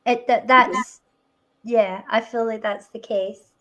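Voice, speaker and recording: A woman's voice: a little high, fairly even intonation, slow, pushed and bright, highs cut off. A Scottish woman hosting a stream in casual chat, chatty and laughing often. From Scotland. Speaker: stream host.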